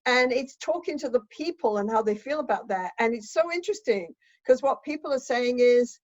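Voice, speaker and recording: A woman's voice: a little high, normal speed, hardly any pauses, lo-fi sound. An older woman, a relationship expert, explaining ideas thoughtfully in conversation with examples.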